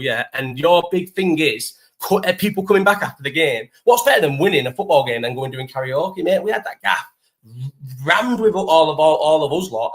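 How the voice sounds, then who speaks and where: A young man with a Liverpool accent, hosting a live chat and telling rambling, sweary stories with frequent laughs. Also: fairly high pitch. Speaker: host.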